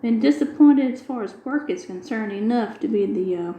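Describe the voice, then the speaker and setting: A woman's voice: a little high, expressive, normal speed, dark tone, reverberant, a little hiss or hum, poor audio. A middle-aged woman, chatting casually and retelling a long everyday story with quoted dialogue. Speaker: craft video host. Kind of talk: casual chat while diamond painting.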